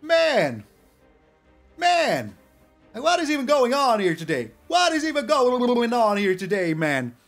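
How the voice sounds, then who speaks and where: A man giving excitable, animated live commentary over his own card game, now and then breaking into loud shouts. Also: very high voice, measured pace, soft background music. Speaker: gaming YouTuber.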